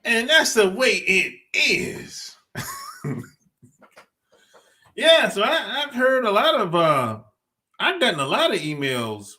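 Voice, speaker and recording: A male podcast host talks slowly and easily, laughing and teasing as he goes. His voice sits on the high side and swings around a lot. The tone is bright and forward. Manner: laid-back, laughs often, teasing. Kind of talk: casual podcast talk.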